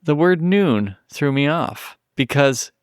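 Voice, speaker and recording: A man's voice: on the high side, lively intonation, slow, smooth, no room sound. A Canadian man co-hosting a podcast, trading dry jokes in casual chat. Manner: joking, dry banter. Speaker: podcast co-host.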